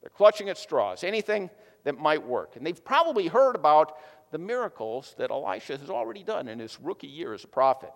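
A man preaching a sermon in a casual, chatty storytelling way, full of fillers. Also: on the high side. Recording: long hall reverb.

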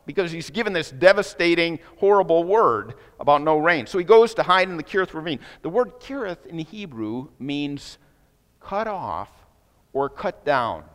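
A man preaching with a fairly high voice that lifts when he acts out the people in his story. His words ring out in a large hall with a long echo behind them. He is a pastor delivering a sermon. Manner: storytelling preacher, voices quoted speakers with rising excitement.

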